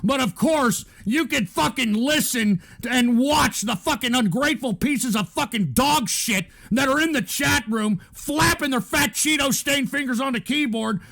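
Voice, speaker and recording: A man with a strikingly high-pitched voice and a rough, gravelly edge rants at his chat. His delivery is profane and heated, full of stammered restarts and repeated words. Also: a little slow, hardly any pauses, fairly bright tone. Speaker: show host. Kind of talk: angry rant at chat.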